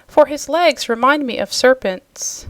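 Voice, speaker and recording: A woman's voice: sits high, lively intonation, unhurried, no echo, voice pushed up. A woman reading a storybook, voicing a blunt, scornful little girl in a raised voice.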